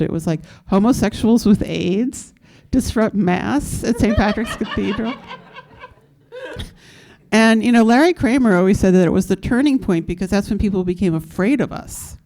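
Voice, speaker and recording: Low mellow-voiced woman telling activist history. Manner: candid storyteller, laughs, fillers. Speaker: panel guest speaker. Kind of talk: recounting activist history on a panel.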